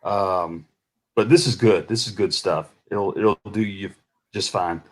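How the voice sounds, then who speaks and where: Low-voiced guy from texas, laid back, lots of uhs. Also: unhurried. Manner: relaxed, rambling, uses many fillers. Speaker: guest panelist. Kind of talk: casual chat.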